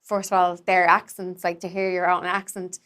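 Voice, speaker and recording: A woman's voice: fairly low pitch, level tone, moderate pace, a bit bright, clear, resonant tone. A young woman with a Dublin accent, an Irish theatre maker chatting casually and rambling with many fillers. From Ireland. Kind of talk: casual conversation.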